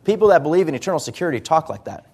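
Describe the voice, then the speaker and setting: A pastor preaching a sermon in church, talking through scripture in a conversational way with rhetorical questions. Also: male voice, fairly high pitch, big pitch swings, rapid-fire, darkish tone, breathy edge.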